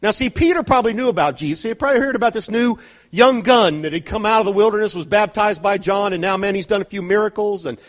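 In a dull, lo-fi recording from a church hall, a man delivers a sermon in a chatty, joking style, frequently checking whether his listeners are following along. His voice is high and his pace is quick.

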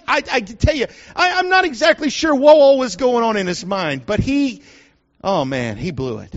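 A man preaching a sermon, swinging dramatically between hushed and loud. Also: very high-pitched, big pitch swings, moderate pace. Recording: lo-fi muffled recording.

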